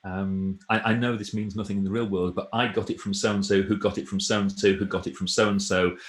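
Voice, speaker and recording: A man with a lowish, level voice talks a little fast in a roomy-sounding space. He's a presentation trainer and author chatting casually, telling stories in a self-deprecating, rambling way and often restarting his sentences.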